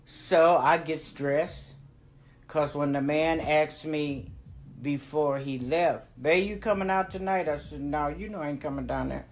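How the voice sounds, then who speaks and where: An older woman telling family stories in casual conversation, animated and profane, acting out what people said and breaking into low laughs. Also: a little slow. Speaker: family storyteller. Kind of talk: casual storytelling.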